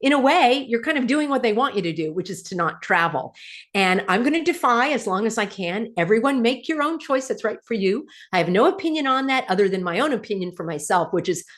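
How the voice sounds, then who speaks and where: A woman's voice: expressive, brisk. Indignant middle-aged woman ranting on a vlog. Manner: indignant, sarcastic, wide swings between loud outbursts and low asides. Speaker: channel host. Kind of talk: animated opinion vlog.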